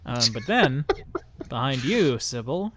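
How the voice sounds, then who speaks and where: A man narrating as game master in a casual tabletop session, laughing often and filling pauses with "um". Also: medium pitch, sing-song, fairly bright tone, slight background noise.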